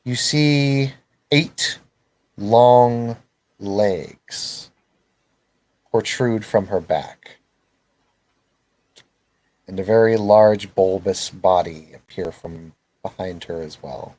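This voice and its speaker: A man's voice: fairly low pitch, very slow, long pauses, darkish tone. A man acting as game master, narrating scenes casually with joking asides.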